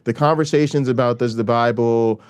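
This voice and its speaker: A man hosting a livestream, talking casually with loud, profane trash talk and sports boasts. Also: mid-range voice, steady tone, fairly quick, smooth. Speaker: livestream host.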